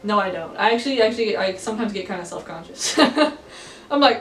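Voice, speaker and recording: A teenage girl rambling casually in a chatty, giggly way, sometimes breaking into excited squeals. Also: mid-range voice, fairly quick. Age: teens. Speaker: vlogger. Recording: echoey room from a distance, faint music.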